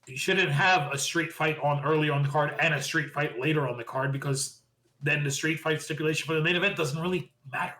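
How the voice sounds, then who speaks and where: A man with a slightly high voice talks quickly and animatedly. He co-hosts a casual podcast and recaps the week's wrestling with strong opinions. He often acts out the lines people said. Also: steady tone, bright, forceful tone, rough recording. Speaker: podcast co-host.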